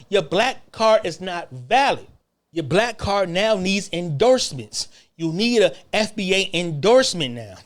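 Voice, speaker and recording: An American man hosting a podcast, delivering a heated, profane solo rant in hammering repeated phrases that climb louder as he gets worked up. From United States. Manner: grows louder and higher when worked up. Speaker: podcast host.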